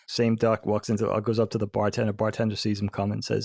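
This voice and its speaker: Man with a gravelly voice. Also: lowish voice, monotone, fast talker, a little mellow, no echo, studio quality. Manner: rambling, self-correcting storyteller. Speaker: podcast co-host. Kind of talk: casual chat, telling a long joke.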